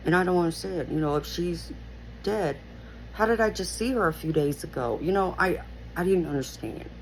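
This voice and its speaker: A woman's voice: deep voice, slight background noise, rough recording. A woman hosting her own channel, telling a personal story in a rambling, earnest way with lots of "you know" fillers. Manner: earnest, reflective retelling. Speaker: channel host.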